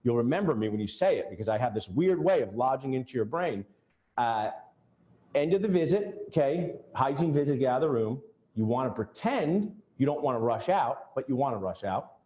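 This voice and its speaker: A man's voice: medium pitch, big pitch swings, a little fast, dark tone. A man coaching a group at a live workshop, joking and talking straight at the audience. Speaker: dental practice coach leading a workshop. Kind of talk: live seminar talk to a group. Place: event room with attendees. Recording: roomy echo.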